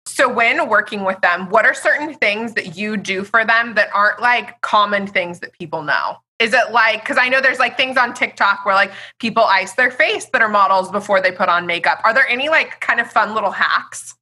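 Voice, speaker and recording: A woman's voice: mid-range voice, normal speed, hardly any pauses, pushed and bright, poor audio. Gushing young woman podcast host. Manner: enthusiastic, gushing reactions. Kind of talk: casual interview.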